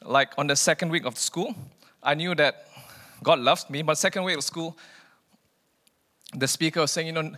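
A man telling his personal faith testimony in an animated way, acting out the dialogue in his story. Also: a little high, moderate pace, long pauses, in a large hall. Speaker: speaker sharing testimony.

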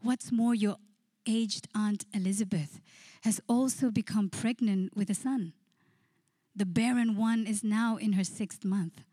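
A woman preaching a sermon, praying and reading scripture aloud, earnestly repeating phrases and slowing down to stress key lines. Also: mid-range voice, fairly even intonation, dark tone, no echo. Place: church.

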